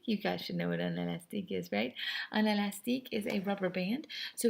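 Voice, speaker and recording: A young woman teaching a French lesson, her voice going a little hoarse, chatty and teasing, slowing down to model each phrase. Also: mid-range voice, expressive, darkish tone. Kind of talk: classroom lesson recorded for students.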